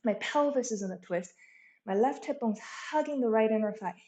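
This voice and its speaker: A woman teaching a guided yoga class, giving steady cues and checking in with "okay?" as she goes. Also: fairly high pitch, moderate pace. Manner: encouraging, frequent "okay?" check-ins. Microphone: earbud mic. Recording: roomy echo.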